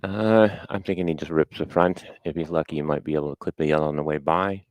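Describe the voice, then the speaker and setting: Deep-voiced, slightly winded male curling commentator. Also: quick pace, poor audio. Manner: relaxed, chatty, with fillers and self-corrections. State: a little out of breath. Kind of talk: play-by-play sports commentary.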